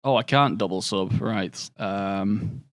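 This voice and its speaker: A man's voice: on the low side, slow pace, no room sound, studio quality. A young man casually commentating a game stream and chatting with viewers, swearing often and bantering.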